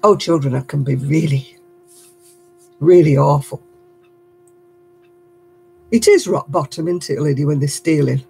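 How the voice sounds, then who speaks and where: A woman's voice: low voice, unhurried, vocal fry, long pauses, a little mellow, slight background noise. An older woman, a great-grandmother, chatting casually and laughing often as she reads viewer comments on her crafting livestream.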